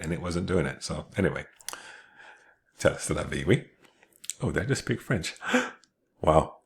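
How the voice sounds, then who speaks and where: A man from London with a London accent, giving a chatty family-history talk over slides, full of joking asides and tag questions. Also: extremely low pitch.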